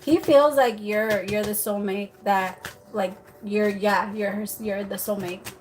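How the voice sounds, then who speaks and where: A chatty woman doing a relaxed livestream tarot reading. She giggles often and fills her talk with fillers, trailing off and starting sentences over. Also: medium pitch, measured pace. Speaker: tarot reader.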